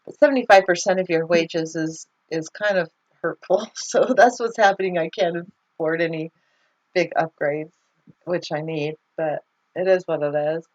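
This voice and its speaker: A woman's voice: on the low side, normal speed. A woman hosting a casual livestream, chatting loosely, laughing often and reading viewer comments aloud over a video call. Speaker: livestream host. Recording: slightly muffled video call audio.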